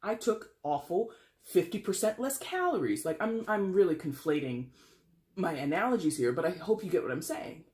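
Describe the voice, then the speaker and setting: A tarot card reader giving a casual, blunt reading, emphatic and laughing often, with casual swearing. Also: moderate pace. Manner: animated, leaps in pitch for emphasis.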